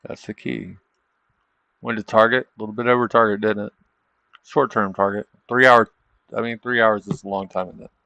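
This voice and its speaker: A man's voice: on the low side, steady tone, normal speed, vocal fry, pauses often, bright, forceful tone, no echo, highs cut off. A man hosting a trading livestream, chatting casually over charts and tossing in tag questions like "isn't it?". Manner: loose, chatty, thinking aloud.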